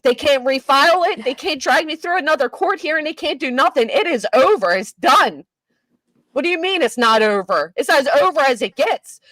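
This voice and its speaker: A fired-up woman hosts a livestream with a fairly high voice, swearing freely and sounding shaky and agitated. The sound is dry and close to the mic. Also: animated, normal speed, fairly bright tone, no echo, rough recording. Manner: profane, fired-up, reads a court ruling aloud. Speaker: livestream host. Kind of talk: casual livestream chat.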